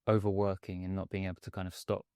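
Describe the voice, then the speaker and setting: A man speaking as a coaching guest in a podcast interview, measured and hedging, often saying "sort of" and "kind of" as he explains. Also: sits low, monotone, a little mellow, smooth, no echo, clean studio sound. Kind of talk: conversational interview.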